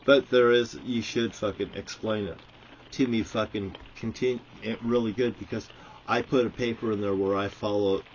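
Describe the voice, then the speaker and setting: A man's voice: fairly low pitch, steady tone, normal speed, slight background noise. A man giving an angry, profanity-filled monologue to the camera, ranting and swearing constantly. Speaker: vlogger. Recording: dull lo-fi audio.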